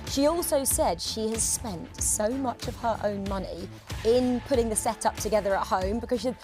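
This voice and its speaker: A woman presenting on a live esports broadcast, sharing player stories in a chatty, animated way. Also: on the high side, normal speed, music in the background. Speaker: pitside reporter.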